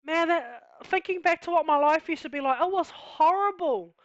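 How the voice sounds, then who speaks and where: A woman's voice: very high-pitched, moderate pace. A woman with a New Zealand accent telling her own life story in a candid, heartfelt, casual way, full of "you know" and "like". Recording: dull lo-fi sound.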